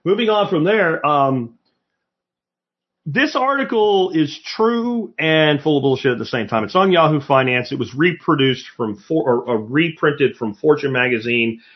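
A man's voice: on the high side, animated, unhurried, breathy edge, highs cut off. Blunt opinionated man with a twang. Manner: blunt, opinionated, swears casually. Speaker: podcast host. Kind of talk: solo podcast commentary.

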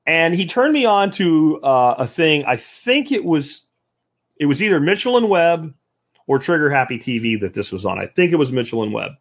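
A husky, slightly breathy American man talks to a live audience in a loose, opinionated way, leaning on emphasis and rhetorical questions. The recording sounds dull and lo-fi. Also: on the high side, lively intonation, normal speed. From United States. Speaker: speaker addressing a live audience. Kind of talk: casual opinionated lecture.

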